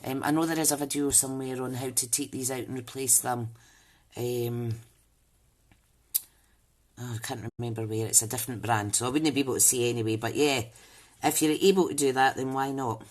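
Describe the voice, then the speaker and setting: Low-voiced chatty woman crafter. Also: steady tone, brisk, a little mellow. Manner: chatty, rambling, thinks aloud while working; greets live viewers by name. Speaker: crafting channel host. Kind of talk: casual live crafting demo.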